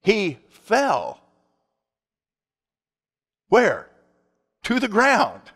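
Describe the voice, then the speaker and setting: A man's voice: sits high, wildly swooping pitch, extremely slow, fairly bright tone, in a large hall. A male pastor preaching a sermon in an emphatic, conversational way, asking his congregation rhetorical questions.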